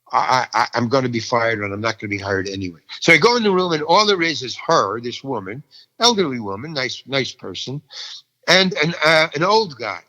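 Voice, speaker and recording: This actor, an older man, recounts an audition with animated energy, voicing every character in it and circling back to the same lines again and again. His medium-pitched voice has a sharp edge, and the audio sounds like a big room with the highs cut off.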